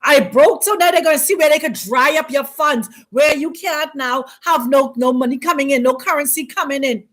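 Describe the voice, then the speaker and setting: In a high voice, the woman hosting this spiritual talk delivers her teaching with preacherly emphasis, drawing out phrases and saying them again and again.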